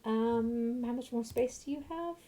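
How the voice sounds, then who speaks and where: Woman streamer talking through her game, chatty and a bit high voiced. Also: unhurried, mellow, soft background music. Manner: chatty, self-mocking. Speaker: let's play streamer. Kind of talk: casual game commentary.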